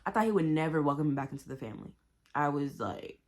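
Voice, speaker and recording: A woman vlogging a blunt, profane, animated book review in casual slang. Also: sits low, rapid-fire. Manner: talks to herself and the viewers with slang.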